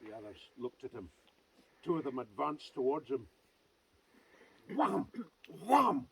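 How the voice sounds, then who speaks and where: A Scottish man telling a local legend outdoors in a lively, conversational way with asides to his listeners. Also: mid-range voice, moderate pace, creaky, a little hiss or hum, rough recording. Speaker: clan society vice president. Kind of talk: outdoor folk storytelling. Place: outdoors by a standing stone.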